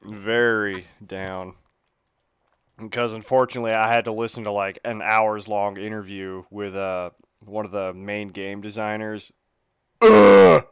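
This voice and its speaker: A man with a low, smooth voice co-hosts a casual gaming chat. He laughs and rambles through his explanations. The sound is dry and close. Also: level tone, measured pace, fairly bright tone, no echo. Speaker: podcast co-host.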